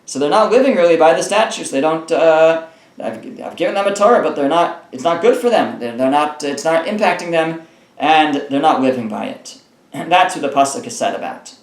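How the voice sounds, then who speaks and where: A man teaching a daily page of Talmud. His voice sits a little higher than most men's and carries a roomy echo. He reads out short phrases, translates them, and explains them in plain words, often stopping to restart a sentence. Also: expressive, fairly quick.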